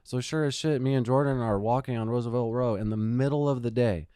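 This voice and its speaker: A man's voice: medium pitch, fairly quick, warm tone, clear, resonant tone, dry recording, studio quality. A man hosting a podcast, telling rambling profane stories in casual chat. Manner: profane storytelling, swears a lot. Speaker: podcast host. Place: Phoenix, Arizona.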